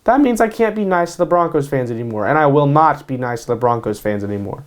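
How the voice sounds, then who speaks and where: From his home in Kansas, a man hosts his own show, firing off casual, hyped-up sports predictions, repeating his picks and adding "baby" to them. His voice is on the high side, expressive, and fast.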